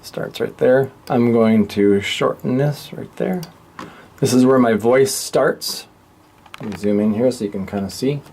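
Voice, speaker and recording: A man's voice: mid-range voice, measured pace. Laid-back man walking through a radio lesson. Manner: relaxed, offhand, thinks aloud with restarts. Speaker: radio teacher. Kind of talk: casual screen-share tutorial.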